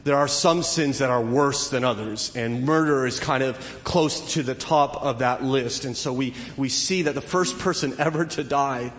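A pastor preaching a sermon. He builds to emphatic, animated peaks and then drops back low. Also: normal speed, few pauses. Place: church sanctuary. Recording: long hall reverb, faint noise.

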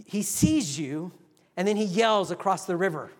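Guy preaching a sermon, fairly high voice, acts out the lines, long reverb in the room. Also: lively intonation, moderate pace. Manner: storytelling, acts out quotes. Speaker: pastor.

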